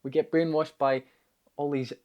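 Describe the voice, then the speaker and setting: A man's voice: a little high, little pitch movement, normal speed, a little mellow, lo-fi sound. A young man telling a personal story in a candid, confessional way, blunt and full of swearing. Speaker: self-help video host.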